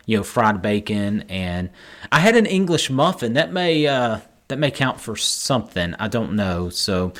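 A man's voice: lowish voice, very animated, unhurried, fairly bright tone. A man co-hosting a podcast, joking and teasing in casual chat. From American South. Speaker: podcast co-host.

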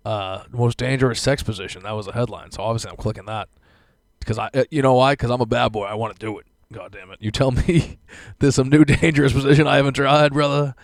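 A man's voice: mid-range voice, steady tone, fast talker, no room sound, clean studio sound. A young man hosting a casual podcast from home, a stand-up comic who laughs often and jokes crudely.

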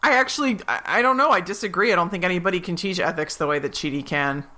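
Dry-witted woman co-host, bright voice. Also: fairly low pitch, fast. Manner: wry, deadpan jokes, reasoned arguing. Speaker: podcast co-host. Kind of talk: casual chat.

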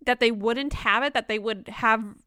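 A woman's voice: fairly high pitch, normal speed, bright, forceful tone, clean tone, no room sound, clean studio sound. A woman co-hosting a casual book discussion podcast, reading quotes aloud and playfully mimicking characters. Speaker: podcast co-host.

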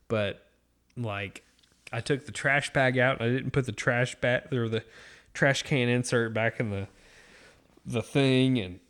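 Man, thirties, podcast co-host, casual chat, animated storyteller, heavy swearing. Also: mid-range voice. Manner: animated storytelling, swears a lot, acts out quotes.

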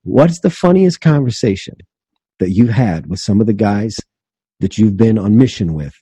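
A man's voice: on the low side, lively intonation, normal speed, dark tone, slightly rough, dry recording. A man hosting an interview, asking questions and rambling earnestly. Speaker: podcast host for preachers. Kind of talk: casual interview talk.

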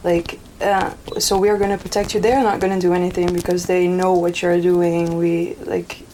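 A woman's voice: on the low side, level tone, normal speed, warm tone, slight background noise, low-quality recording. A woman from Europe, a guest telling stories in casual chat, laughing often and rambling with fillers. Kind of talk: casual storytelling.

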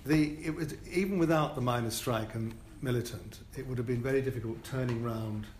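A man talks quickly as he interviews, putting probing, leading questions in a mid-range voice. The sound is roomy, with faint ambience in the background. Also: medium pitch, a little mellow, slight background noise. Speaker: historian interviewer.

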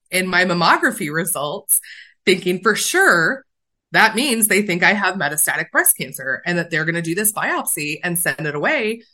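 A woman with a bright, forceful voice that sits a little low for her, telling her own story on a podcast. She is animated and self-mocking and keeps the tone conversational. Her delivery swings fast between worry and laughter. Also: low-quality recording. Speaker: podcast co-host. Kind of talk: casual chat, personal storytelling.

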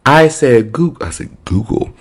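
A man's voice: mid-range voice, animated, unhurried, breathy edge. A man hosting a podcast in a casual, sassy, playful way. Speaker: podcast host.

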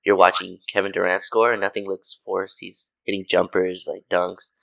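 A laid-back young man on a sports podcast, his voice low and gravelly with a rough, fry-tinged edge. He keeps his remarks short and dry and talks the game through calmly. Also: normal speed. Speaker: podcast co-host. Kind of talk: casual sports podcast chat.

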